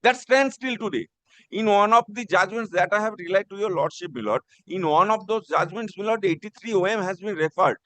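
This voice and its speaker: A man's voice: high voice, a little fast, pushed and bright, dry recording. A man arguing in court as an advocate, insistent and pleading, repeatedly addressing the judge as "my lord". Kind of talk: courtroom argument.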